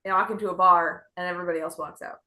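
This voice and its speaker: Bright-voiced woman comedian. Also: on the low side, fairly even intonation, racing, echoey room, low-quality recording. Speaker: improv comedian. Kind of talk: improv comedy game.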